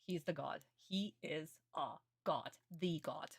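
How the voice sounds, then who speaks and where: A young woman with a fairly low voice, talking casually and excitedly as a streamer. She laughs often and swears freely, recorded dry and close. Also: moderate pace, vocal fry, few pauses, no echo. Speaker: streamer reacting to an anime. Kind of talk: casual reaction commentary.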